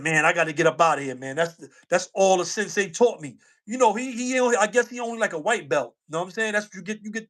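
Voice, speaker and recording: High-voiced New man, slangy. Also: a bit bright. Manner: slangy, laughs often, repeats himself. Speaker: co-host. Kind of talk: casual livestream chat.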